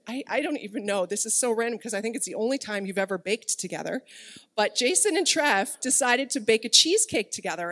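A woman's voice: a little high, a bit bright. Chatty woman preaching a sermon. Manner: chatty, laughing asides to the congregation. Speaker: pastor. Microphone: streamed service, speaking to online chat.

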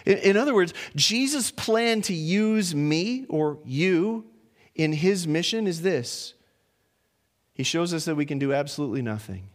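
A man with a fairly high voice preaching a sermon. He talks in a conversational way, swinging between quiet reflective lines and loud animated ones, with playful asides along the way. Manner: playful asides with small laughs and restarts. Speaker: pastor.

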